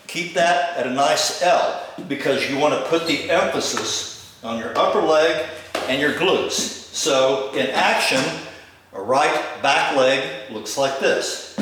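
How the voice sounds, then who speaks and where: Older guy walking you through step moves, slow and easy, lots of room echo, mic kinda far off. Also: on the high side, background noise. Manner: coaching, calls out step moves. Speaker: fitness instructor. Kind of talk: instructional demonstration. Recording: echoey room, distant mic.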